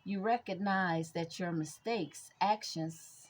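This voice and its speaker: A woman in her fifties who is a spiritual reader chatting casually to her viewers, rambling and calling them "y'all," and who slows down when she reads affirmations. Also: fairly low pitch. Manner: slow reflective affirmations. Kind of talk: casual spiritual chat vlog.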